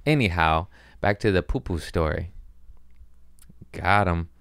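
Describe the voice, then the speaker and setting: Low smooth dude ranting on his podcast, cussing and joking around. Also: animated, measured pace, a bit bright, no echo, studio quality. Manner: loose and profane, jokey. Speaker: comedian and podcast host. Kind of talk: casual comedic podcast rant.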